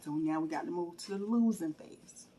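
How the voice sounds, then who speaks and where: A woman hosting a mukbang video, chatting casually and straight to her viewers between bites, pausing to chew and hum approvingly. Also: fairly low pitch, warm tone. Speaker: mukbang host. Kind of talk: casual chat while eating on camera.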